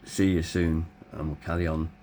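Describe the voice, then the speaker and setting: A middle-aged man telling his own story in a blunt, candid way, swearing freely, his voice tired and hoarse. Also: rumbling low, flat delivery, moderate pace, mellow, a little hiss or hum. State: hoarse, voice tiring. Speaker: vlogger. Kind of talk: personal storytelling.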